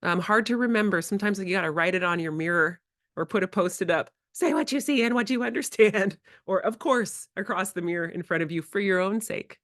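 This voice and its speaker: A woman presenting a workshop to educators, animated and acting out conversations with children. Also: on the low side, a little fast, no echo, studio quality. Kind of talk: workshop lecture. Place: in-person workshop.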